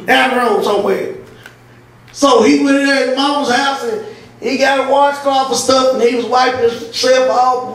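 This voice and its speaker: A woman pastor preaching a sermon, telling stories with laughter and breaking into shouts. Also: sits high. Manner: storytelling with laughter, rising to shouts. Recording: echoey church audio from far off.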